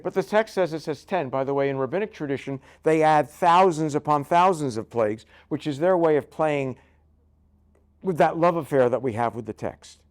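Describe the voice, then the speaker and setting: A man's voice: a little high, lively intonation, normal speed. An older man, a rabbi, giving a conversational Bible lecture full of jokes and asides, often checking in with "right?". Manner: joking, keeps asking "right?".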